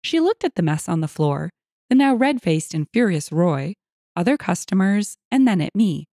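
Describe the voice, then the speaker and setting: Woman narrating a story, super expressive, bouncy pitch, dry close mic. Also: moderate pace, dry recording. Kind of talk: scripted narration.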